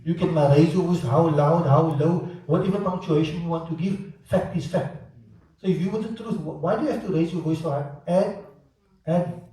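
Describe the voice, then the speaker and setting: Animated man teaching. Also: a little high, moderate pace. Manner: animated, rhetorical questions to students. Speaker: Quran teacher. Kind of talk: classroom Quran lesson. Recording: echoey room from far off.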